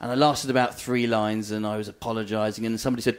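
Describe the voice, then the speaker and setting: A man doing stand-up comedy storytelling, animated and self-mocking, laughing through his lines. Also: on the low side, fast talker.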